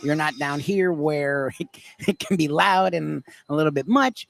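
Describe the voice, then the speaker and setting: A man's voice: on the high side, moderate pace, gravelly, a bit bright. A man chatting casually as a guest, laughing easily and rambling through anecdotes. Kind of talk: casual chat.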